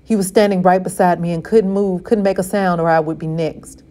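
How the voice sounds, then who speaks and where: A woman voicing a traumatized, frightened father who speaks in a shaken, halting way. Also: on the low side, steady tone, warm tone, lightly acted. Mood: whispered dread.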